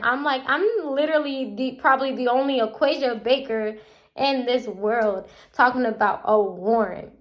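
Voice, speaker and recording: A young adult woman telling a casual storytime vlog, animated and chatty, acting out the people she quotes. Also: high-pitched, moderate pace. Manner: animated, acts out quotes with a chatty run-on delivery. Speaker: vlogger.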